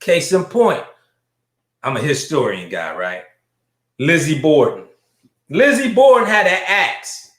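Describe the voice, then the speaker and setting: A middle-aged male host delivers blunt, profane livestream commentary and greets viewers by name. His voice sits high and sounds bright and forceful. The sound carries an echoey room. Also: very animated, takes it slowly, long pauses. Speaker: show host.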